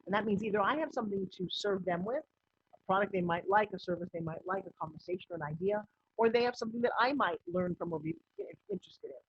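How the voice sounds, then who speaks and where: A woman business coach giving a recorded online course lesson in a lively, conversational way, acting out bits of dialogue. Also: medium pitch, quick pace, husky. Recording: slightly muffled lo-fi audio.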